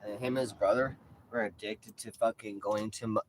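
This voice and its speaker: A man with a low voice, talking off the cuff in a loose, rambling way. He swears freely and drifts between chatter and gentle pet talk, with a faint hum of noise behind him. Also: steady tone, a little fast, low-quality recording. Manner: rambling and profane, shifts into soft coaxing pet talk. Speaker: vlogger. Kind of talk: casual monologue while caring for his cat.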